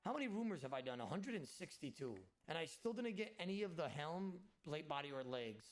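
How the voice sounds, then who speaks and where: A man chatting casually to his livestream chat while gaming, animated and swearing freely. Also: a little high, brisk. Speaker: game streamer.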